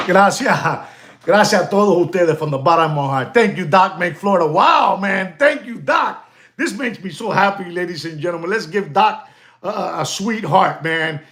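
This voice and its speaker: A man hosting a live stream, excitable and animated, thanking viewers and mixing in exclamations. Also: sits high, normal speed.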